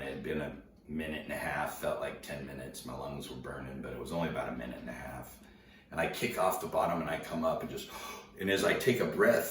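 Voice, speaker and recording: A man casually telling a story to an audience, laid-back and slangy, animated as he recounts it. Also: a bass voice. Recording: roomy, distant mic, faint noise.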